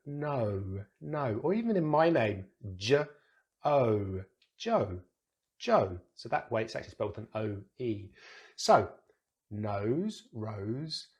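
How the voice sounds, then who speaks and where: A man with a British English accent teaching pronunciation, saying example words slowly and repeating them with exaggerated sounds into a close microphone. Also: mid-range voice, a little mellow.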